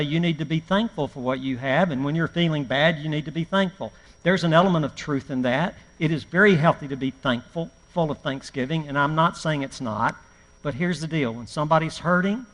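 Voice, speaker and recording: Middle-aged man, preacher, high-ish voice, folksy anecdotal class talk with dry self-mockery, long church-hall reverb. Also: a bit bright. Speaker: preacher teaching a grief class.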